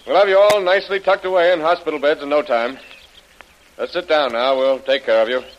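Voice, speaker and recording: An actor playing a brisk rescue officer, commanding yet reassuring, in a muffled old radio drama. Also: male voice, on the high side, fairly even intonation, natural voice. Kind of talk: 1930s radio drama acting.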